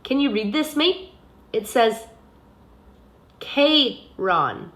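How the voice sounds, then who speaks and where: A woman voicing a smooth, greedy male gatekeeper of the dead with a silky, mocking manner. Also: on the high side, animated, very slow, a bit bright, heavily acted. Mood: sly, silky.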